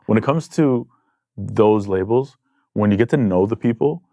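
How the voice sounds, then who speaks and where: A man who hosts a podcast and manages artists, talking candidly and relaxed in a casual interview. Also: fairly low pitch, dry recording. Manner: relaxed, candid, swears, quick affirmations.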